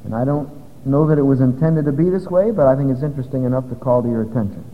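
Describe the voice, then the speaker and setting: A man with a mid-range voice and a fast delivery teaches an evening Bible study to a live audience, explaining things step by step in a conversational way. The recording is dull and lo-fi, with long hall reverb and a little hiss or hum.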